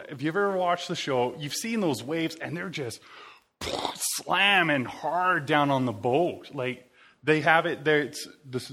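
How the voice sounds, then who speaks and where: A man's voice: medium pitch, a bit bright. A man giving a loose, conversational sermon, rambling and informal with lots of fillers. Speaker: preacher.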